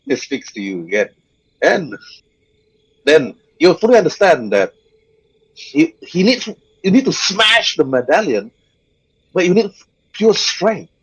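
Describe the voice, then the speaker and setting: A man narrating as game master of a tabletop game over voice chat, lively, with a husky voice. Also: unhurried, pauses often, low-quality recording. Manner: lively, jumps into high squeaky voices for creatures.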